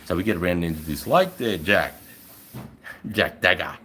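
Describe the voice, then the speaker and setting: An Australian man, a middle-aged army veteran, telling war stories on a live stream in a casual, profane, animated way. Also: deep voice, moderate pace, very noisy. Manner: profane, animated, acts out voices. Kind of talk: casual storytelling.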